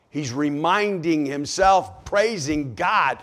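A man preaching a sermon, swinging from hushed asides to shouted cries as he acts out the psalmist. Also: medium pitch, very animated, slow pace, long pauses.

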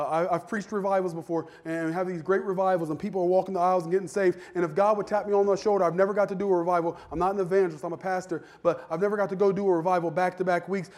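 A man, a pastor, preaching a conversational sermon that swells into fervent shouting. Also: high-pitched.

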